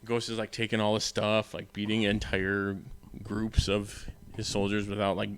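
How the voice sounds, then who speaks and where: A man co-hosting a casual movie review podcast, talking in a relaxed way with many fillers. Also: fairly low pitch, moderate pace, clean tone. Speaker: podcast co-host.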